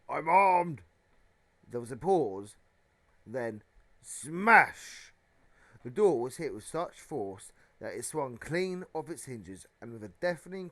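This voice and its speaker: A man reading a children's novel aloud as narration, with a dramatic, expressive delivery. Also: mid-range voice. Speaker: audiobook reader. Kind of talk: storybook narration.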